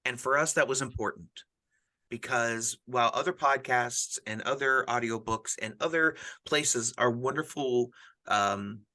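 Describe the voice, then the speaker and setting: Bright-voiced earnest male pastor. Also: medium pitch, a little slow. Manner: earnest, rambling with frequent restarts. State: widowed, grieving. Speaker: pastor and podcast host. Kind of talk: casual podcast chat.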